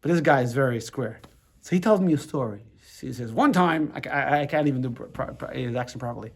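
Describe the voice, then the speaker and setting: Here a middle-aged rabbi from the US teaches casually, his medium-pitched voice gravelly and husky and his pace quick. He speaks conversationally, restarting sentences and repeating words, and keeps asking the room "right?"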